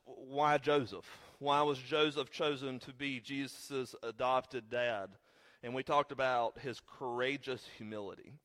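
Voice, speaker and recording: A man's voice: mid-range voice, fairly bright tone. A congested man with a slight cough, preaching a sermon as pastor with earnest, rising emphasis on key points.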